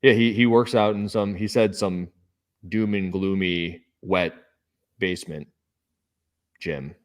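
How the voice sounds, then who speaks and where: An American man with a somewhat low voice, chatting casually on a podcast. He teases and jokes, calling his friend "dude" often. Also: fairly even intonation, slow. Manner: joking, teasing, says "dude" a lot. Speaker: podcast co-host. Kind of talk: casual chat.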